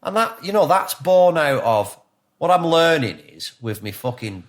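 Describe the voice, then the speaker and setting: A man's voice: a little high, sing-song, moderate pace. A man in his thirties with a Lancashire accent, a guest chatting in a podcast interview, rambling and swearing with many restarts. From England. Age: 30s.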